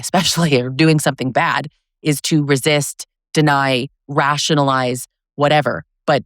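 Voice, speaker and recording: A woman's voice: a bass voice, no echo. Woman hosting a podcast, talks earnestly, questions wander a bit, dry close sound. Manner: earnest, rambling questions with restarts. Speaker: podcast host. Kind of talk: podcast interview.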